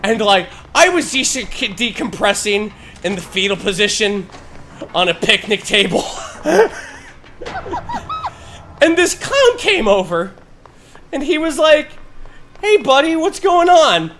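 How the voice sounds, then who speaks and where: A man telling a story on a live stream, rambling with many fillers and swearing freely, building to loud, animated bursts. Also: high voice, takes it slowly, long pauses, noisy background.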